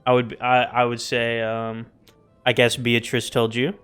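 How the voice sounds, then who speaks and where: A young man chats casually at the gaming table, hesitating over his words and slipping in jokes. His voice is bright and clean and sits in a middle range. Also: mid-range voice, monotone, a little slow, clean tone, faint music behind. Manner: hesitant, joking. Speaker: player. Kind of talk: casual game chat.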